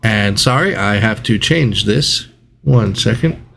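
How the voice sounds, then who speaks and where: Unhurried male game master narrating. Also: on the low side, lively intonation, vocal fry, fairly bright tone. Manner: measured, descriptive narration.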